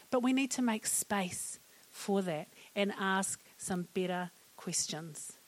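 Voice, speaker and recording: With an animated, medium-pitched voice at a slow pace, the New Zealand-accented woman, middle-aged, talks to an audience about mental wellness. She's funny and conversational and laughs at her own jokes.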